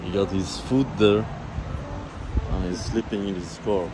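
A man from Sweden chatting casually through a travel vlog, excitable and swearing often, out in the city streets and riding in a minibus. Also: low-pitched, unhurried. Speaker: travel vlogger. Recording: loud street traffic noise.

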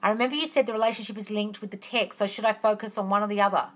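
A woman's voice: medium pitch, steady tone, racing, a bit bright. A woman hosting a live question-and-answer stream, answering viewers in a chatty, reassuring way and calling them darling. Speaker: manifesting coach hosting a live Q&A.

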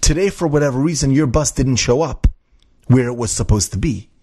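An enraged bus company boss, put on by a man in a voice pushed well up from his usual, sputtering and scolding as he tears into his employee. He sounds husky and worked up, his words tumbling out in exasperation. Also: mid-range voice, brisk, dark tone, dry recording, clean studio sound, voice pushed up, lightly acted. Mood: furious scolding. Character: angry ranting male bus company boss.

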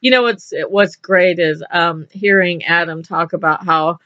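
A woman's voice: on the low side, a little slow, sharp tone, no echo. A woman from the American South, hosting a casual radio interview in a chatty, easygoing way. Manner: chatty, laughs easily. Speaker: radio host. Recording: dry, dull lo-fi radio audio.

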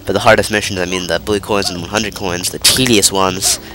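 A man's voice: low-pitched, fairly even intonation, a little fast. A young man with a stuffy, congested voice giving rambling, casual commentary while playing a video game. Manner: rambling, self-interrupting, lots of fillers. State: stuffy, nasal from a cold. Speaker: let's play commentator. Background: game music.

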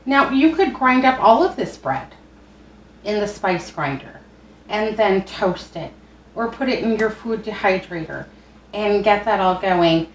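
A woman's voice: medium pitch, animated, a little slow, highs cut off. A woman in her home kitchen, chatting casually and rambling with fillers as she cooks. The room sounds roomy and echoey, and she stands a little back from the mic, with a faint background hum. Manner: rambling and thrifty, lots of fillers and asides. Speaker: home cooking vlogger. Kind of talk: casual kitchen how-to chat. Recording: roomy echo, distant mic, faint noise.

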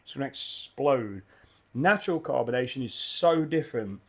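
A man's voice: mid-range voice, animated, normal speed, a bit bright. Enthusiastic rambling man. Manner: enthusiastic, rambling, repeats words. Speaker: beer reviewer. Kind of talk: casual home beer review. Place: home bar.

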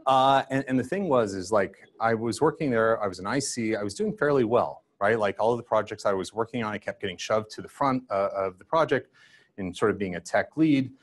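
A man's voice: lowish voice, expressive, a little fast. An older man giving a conference talk, telling self-deprecating stories and acting out his younger self. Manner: self-deprecating storytelling, acts out his past self. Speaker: guest speaker.

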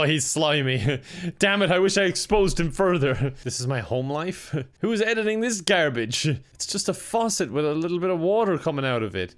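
A man's voice: high-pitched, fairly bright tone. An Irish man commentating a video game as he plays, flustered, laughing and swearing often. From Ireland. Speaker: gaming video host. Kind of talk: let's play commentary.

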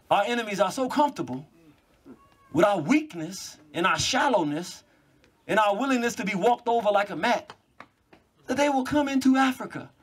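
A man giving an animated public lecture to a live audience, telling stories with mocking asides. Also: high-pitched. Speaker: public speaker. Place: cultural venue before a live audience.

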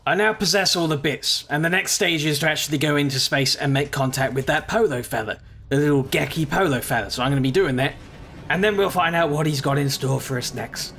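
A man's voice: on the high side, fairly quick, fairly bright tone. A man commenting on a game he plays, sarcastic and mock-exasperated. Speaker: gaming video host.

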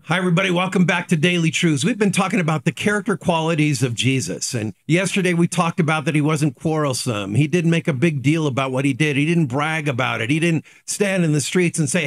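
Male pastor, higher-pitched voice, earnest devotional preaching built on rhetorical questions. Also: a little fast. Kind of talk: daily devotional sermon.

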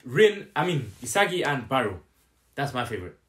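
A man co-hosting a casual group reaction chat, easygoing but insistent when he argues a point. His voice is mid-pitched. It moves expressively up and down. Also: big pitch swings, brisk, background noise. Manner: laid-back, insistent banter. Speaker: reaction channel co-host.

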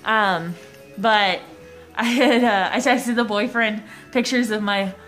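A young woman talks to her camera from home in a loose, rambling vlog. She pokes fun at herself as she goes, in a voice of ordinary middle pitch. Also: steady tone, slow pace, fairly bright tone, soft background music. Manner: rambling, self-mocking, chatty. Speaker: vlogger. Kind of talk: casual vlog chat. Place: at home indoors.

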